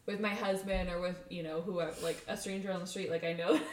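A woman's voice: lowish voice, fairly even intonation, quick pace, over a noisy crowd. A woman co-hosting a casual podcast chat, frank and chatty, full of "like" fillers and the odd swear. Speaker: podcast co-host. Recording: echoey room, distant mic, background noise.

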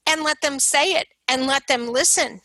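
A woman speaking in a thoughtful, earnest way, her voice bright and a little high. She leans into quoted lines as she talks them through. The sound is close and dry. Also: normal speed, dry recording, poor audio. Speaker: parent of a son with substance use. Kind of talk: casual conversation on recovery support.

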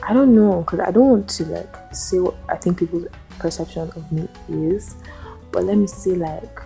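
A young woman with a Nigerian accent hosts her own podcast, venting with rhetorical questions. Her voice sits low and mellow, with a gravelly fry running through it. Faint music plays underneath. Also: moderate pace. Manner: ranting, exasperated rhetorical questions. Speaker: podcast host. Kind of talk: solo podcast monologue.

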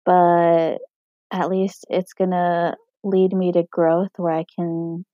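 A young woman talking on her own podcast in a casual, rambling way, full of "um" and "like", her throat hoarse and scratchy. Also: lowish voice, level tone, takes it slowly, dark tone, no echo. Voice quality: husky. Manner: meandering, lots of fillers like "um" and "like". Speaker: podcast host. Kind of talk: casual solo podcast talk. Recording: dry, muffled home recording.

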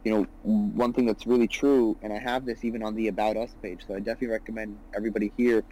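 A man's voice: lowish voice, level tone, fast talker, warm tone, slight background noise, low-quality recording. A man in his twenties talking as a guest about his business, earnest and rambling, with lots of "you know" and "right". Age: 20s. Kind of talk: casual podcast conversation.

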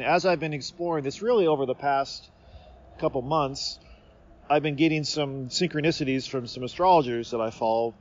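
A man from the Seattle area, hosting a podcast in a playful, meandering monologue outdoors under a tree, often stopping and restarting his thoughts. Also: medium pitch. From Seattle area, USA. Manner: meandering, self-interrupting, playful. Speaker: podcast host. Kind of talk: rambling casual monologue. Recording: slightly dull recording.

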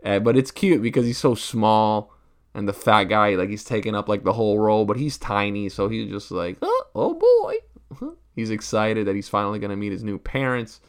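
A man's voice: on the low side, fairly even intonation, a little fast, clear, resonant tone. A man in a profane stand-up rant, rambling and crude, peppering his talk with rhetorical asides. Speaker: comedian.

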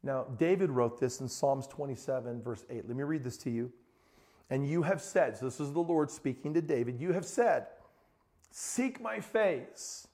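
A middle-aged man preaching a sermon as pastor, telling family stories in an animated way. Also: mid-range voice, moderate pace. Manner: storytelling, animated, rises to excited shouting in anecdotes.

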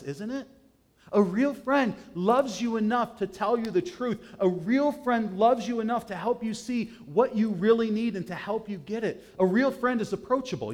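A male pastor delivering a sermon in a relaxed, conversational way. He repeats key phrases for emphasis and moves between quiet, intimate lines and louder, emphatic ones. His voice sits a little higher than most men's. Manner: conversational preaching, repeats key phrases, swings from hushed to loud.

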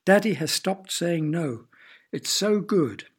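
A man voicing a little girl in a children's story, asking and chattering in a chirpy, pleading way with a gravelly, husky voice. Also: fairly high pitch, expressive, slow, heavily acted.

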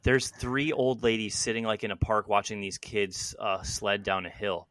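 Man, low voice, relaxed, casual podcast talk. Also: moderate pace. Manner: relaxed, easygoing, uses fillers. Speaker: podcast host.

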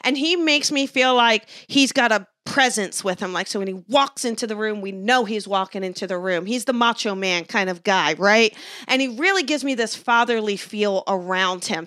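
A woman who works as a psychic medium, chatting as a podcast guest and telling animated stories, acting out the voices. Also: mid-range voice, normal speed, hardly any pauses, smooth, no room sound, studio quality. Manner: animated storyteller, acts out voices. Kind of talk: casual podcast chat.

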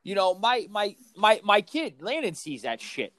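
A man's voice: sits high, very animated, a little slow, fairly bright tone, no echo. A middle-aged man who coaches youth sports, ranting about basketball on a podcast, swearing heavily and hammering every point. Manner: heated, swearing, emphatic ranting. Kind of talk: profane ranting sports chat.

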